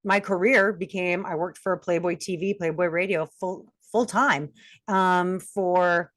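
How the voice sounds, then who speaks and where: Frank, animated woman telling her story. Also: lowish voice, unhurried, dry recording, clean studio sound. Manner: frank and animated, acting out quoted voices. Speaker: guest, self-mastery coach. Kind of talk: candid personal storytelling.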